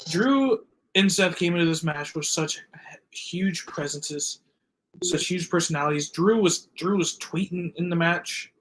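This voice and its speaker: A man with a somewhat high voice talks through a wrestling match on a casual podcast. He is an enthusiastic fan and checks his notes as he recaps the action. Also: unhurried, fairly bright tone, a little hiss or hum, poor audio. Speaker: podcast co-host.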